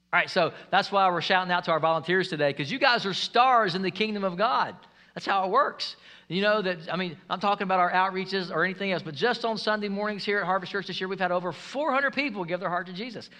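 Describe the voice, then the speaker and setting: Male pastor, emphatic storytelling sermon, bright tone. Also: sits high, a little fast. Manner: energetic, emphatic preaching with storytelling. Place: church sanctuary.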